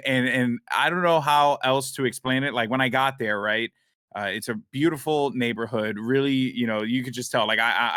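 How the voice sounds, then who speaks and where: A man co-hosting a podcast, telling a long story in a rambling, animated way, with many restarts and swearing. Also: medium pitch, clear, resonant tone, no echo, clean studio sound. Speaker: podcast co-host. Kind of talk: casual storytelling chat.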